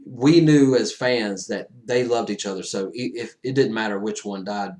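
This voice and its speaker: Excitable man gushing in a casual review. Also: on the low side, normal speed. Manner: excitable, swings from loud enthusiasm to hushed retelling; casual slang, says friggin' a lot. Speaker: movie reviewer.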